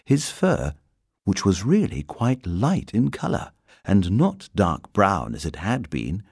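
Slow, expressive storybook narrator, a man. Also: fairly low pitch, creaky, husky, no echo, studio quality. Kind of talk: storybook reading.

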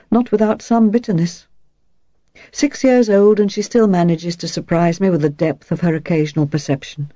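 A woman reading a first-person novel aloud in a calm, measured, reflective way. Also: lowish voice, no room sound. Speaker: audiobook narrator. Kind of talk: scripted first-person narration. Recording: slightly dull, dry recording.

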